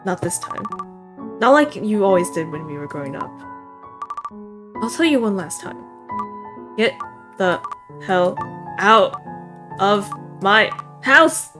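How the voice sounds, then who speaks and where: Woman reading as a bitter old woman, sharp-tongued, game music underneath. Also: fairly low pitch, sing-song. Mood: furious. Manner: sharp-tongued, quick to curse and lash out. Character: bitter, suspicious old woman trapped in a time loop. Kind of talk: streamer voicing a visual novel.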